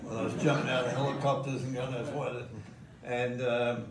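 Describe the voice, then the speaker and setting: A man's voice: medium pitch, level tone, moderate pace. An older man, a guest at a live stage interview, telling anecdotes with chuckles. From Australia. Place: museum event hall with audience. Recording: echoey hall from far off, noisy.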